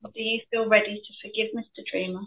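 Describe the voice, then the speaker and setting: A woman therapist guiding a session in a gentle, measured, affirming way. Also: medium pitch, little pitch movement. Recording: roomy, distant from the mic.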